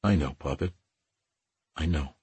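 A man voicing a tender, protective immortal lover, speaking softly and gently. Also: rumbling low, a little slow, breathy edge, dry recording, heavily acted.

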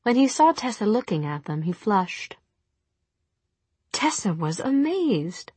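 A woman narrating a novel as an audiobook, with a steady, expressive reading. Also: mid-range voice, takes it slowly, husky, no room sound.

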